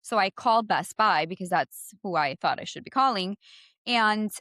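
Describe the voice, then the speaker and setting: Animated woman with an accent, storytelling. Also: medium pitch, moderate pace, no room sound, studio quality. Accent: non-native English. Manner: animated, swearing, acts out both sides of phone calls. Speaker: podcast co-host. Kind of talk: casual storytelling chat.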